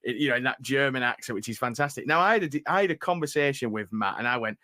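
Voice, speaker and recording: A man's voice: medium pitch, animated, quick pace, few pauses, sharp tone, no room sound, studio quality. A man with a northern English accent hosting a casual football podcast, chatty and laughing easily. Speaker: podcast host.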